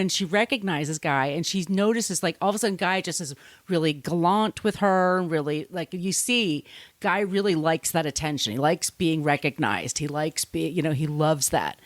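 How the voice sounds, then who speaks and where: A woman's voice: fairly low pitch, moderate pace, no room sound. A woman co-hosting a casual podcast, retelling a plot and slipping into the characters' lines as she goes. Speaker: podcast co-host. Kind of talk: casual chat.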